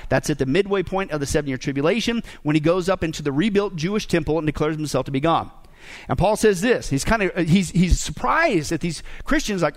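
Emphatic high-voiced male preacher. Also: expressive, brisk. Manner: emphatic, rhetorical questions to the congregation, joking asides. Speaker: pastor. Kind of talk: sermon.

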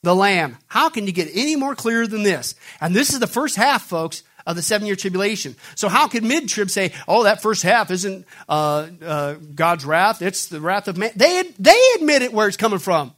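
A male preacher with a high-pitched voice, delivering a forceful sermon. He keeps asking questions and answering them himself, swinging between loud, pressing emphasis and low, intense passages. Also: lively intonation, moderate pace, few pauses. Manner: emphatic call-and-response questioning.

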